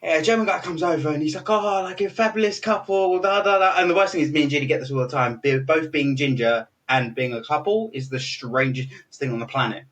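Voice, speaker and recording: A young British man, a podcast host, telling an animated story in casual chat, laughing often and restarting his sentences. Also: mid-range voice, quick pace, hardly any pauses, distant mic. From Britain.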